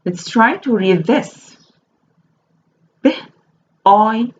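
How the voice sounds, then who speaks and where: A woman teaching a slow phonics lesson to young children. She spells each word out letter by letter and repeats it. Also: a little high, animated. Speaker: primary school teacher. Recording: dull lo-fi recording with faint noise.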